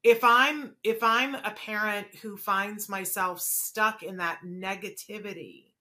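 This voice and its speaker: A woman's voice: medium pitch, steady tone, takes it slowly, pushed and bright. A woman hosting an interview, a parent herself, asking questions and sharing personal experience in an earnest, conversational way. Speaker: host and parent. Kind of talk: podcast interview.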